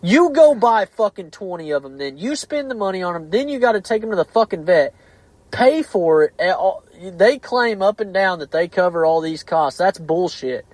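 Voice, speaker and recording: A man's voice: high-pitched, lively intonation, normal speed, no room sound, poor audio. A man, hosting a casual podcast chat, swearing heavily and speaking bluntly and heatedly.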